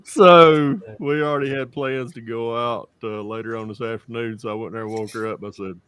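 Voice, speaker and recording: A man's voice: medium pitch, fairly quick, few pauses, a bit bright, clean tone. A man hosting a casual video-call hangout, rambling through stories and laughing often. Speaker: host. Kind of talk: casual chat.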